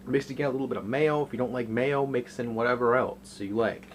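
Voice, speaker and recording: A man's voice: medium pitch, steady tone, normal speed, slight background noise. A man hosting a casual home cooking vlog from his kitchen, rambling and joking as he cooks and chats to his dog.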